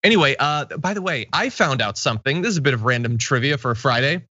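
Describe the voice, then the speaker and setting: Bright-voiced male talk show host. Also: medium pitch, fast, no room sound, highs cut off. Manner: relaxed, laughs easily, reads viewer comments. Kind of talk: casual news talk show chat.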